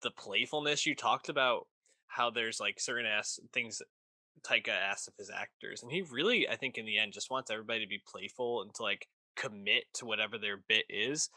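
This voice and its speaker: A man's voice: on the low side, a little fast, sharp tone, dry recording. A man co-hosting a pop culture podcast, chatting enthusiastically with slang and swearing. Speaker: podcast co-host. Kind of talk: casual chat.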